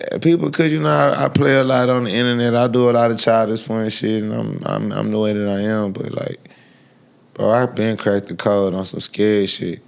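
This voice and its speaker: Brash, loud-laughing man in a sit-down chat. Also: fairly low pitch, moderate pace, creaky, smooth. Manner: brash, animated, laughs loudly. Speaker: guest. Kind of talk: casual interview talk.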